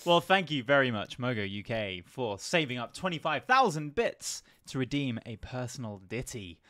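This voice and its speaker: Man, posh British accent, polite streamer host, mid-pitched voice. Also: big pitch swings, normal speed, fairly bright tone. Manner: polite, greets and thanks chat viewers. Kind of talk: casual live-stream chat.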